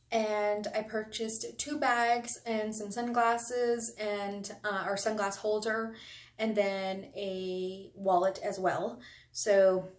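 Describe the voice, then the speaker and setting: A woman vlogger chatting casually and gushing over items in a haul video, recorded on a camera mic at home. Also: medium pitch. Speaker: beauty vlogger. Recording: echoey room, faint noise.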